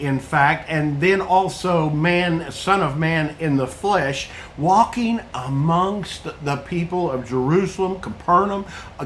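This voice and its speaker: A man's voice: a little high, a bit bright, slight background noise. A man preaching an earnest online sermon to viewers, who repeats his points and asks rhetorical questions.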